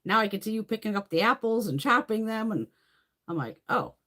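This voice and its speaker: Woman beauty creator on a live stream, lively pitch, rambling casual chat peppered with swearing. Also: brisk. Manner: reads and answers viewer comments.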